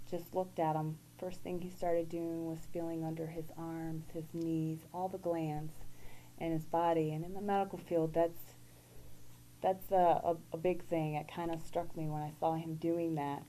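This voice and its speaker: A woman guest giving an earnest, halting personal testimony. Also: sits low, little pitch movement, warm tone, a little hiss or hum, poor audio.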